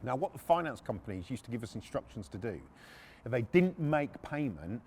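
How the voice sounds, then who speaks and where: A man's voice: lowish voice, darkish tone, breathy edge. A middle-aged man, a podcast host and former repo man, telling a story casually and bluntly, swearing and restarting his sentences.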